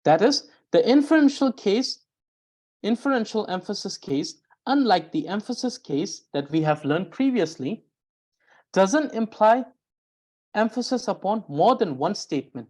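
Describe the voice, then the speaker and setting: A woman teaching a grammar lesson, explaining carefully and often pausing with "uh" to restart a phrase. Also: medium pitch, big pitch swings, a little mellow. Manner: explains slowly with frequent "uh" pauses and restarts; reads out example sentences. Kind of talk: recorded language lesson.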